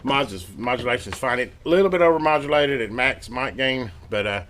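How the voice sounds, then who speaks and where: A man hosting a radio repair video, chatting casually and excitedly to viewers as he tests and works at his home workbench. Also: medium pitch, brisk, a little hiss or hum. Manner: excited, rambling, talks to viewers while working. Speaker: radio repair channel host. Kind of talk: casual hands-on workbench narration.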